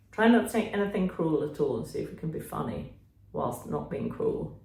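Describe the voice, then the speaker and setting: A woman, a ventriloquist comedian, hosting a casual comic chat in a dry, gently scolding manner. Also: sits low, very animated, a little fast, gravelly, roomy sound. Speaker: ventriloquist comedian, podcast host.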